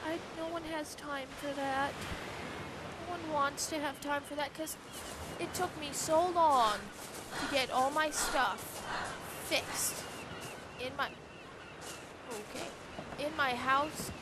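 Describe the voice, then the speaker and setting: Annoyed at the game, a young woman YouTuber rants and curses openly through her casual commentary. She speaks in a high voice, slowly, with frequent pauses, over loud background noise.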